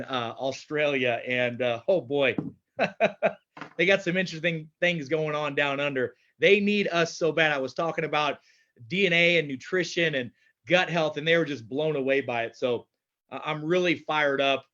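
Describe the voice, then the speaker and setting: Excitable man on a dull webinar mic. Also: on the high side. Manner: upbeat, excitable, chatty with fillers. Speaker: host of an online wellness workshop. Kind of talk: live webinar talk. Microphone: computer mic on a video call. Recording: dull lo-fi video call audio.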